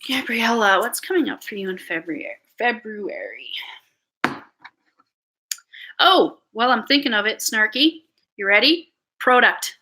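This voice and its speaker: A woman's voice: on the high side, big pitch swings, pushed and bright. Chatty Canadian woman reading tarot. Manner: chatty, halting, repeats words. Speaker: tarot reader. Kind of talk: live-stream tarot reading.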